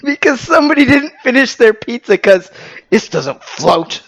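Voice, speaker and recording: A man's voice: very high voice, very animated, moderate pace, fairly bright tone, no echo. A man co-hosting a podcast in casual chat, telling a story with constant giggles and teasing. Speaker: podcast co-host.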